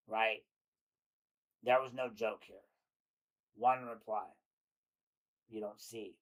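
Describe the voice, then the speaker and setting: A man's voice: fairly low pitch, steady tone, takes it slowly. A man co-hosting a podcast who reads text messages aloud and comments on them. He talks bluntly, swears freely and addresses listeners as "guys". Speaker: podcast co-host. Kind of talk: reading texts aloud with commentary.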